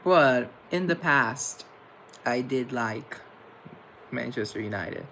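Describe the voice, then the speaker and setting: A man's voice: mid-range voice, animated, slow, sharp tone, a little hiss or hum, rough recording. A young man hosting a live stream, casually chatting with viewers and answering their comments in a playful, campy way. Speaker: livestream host.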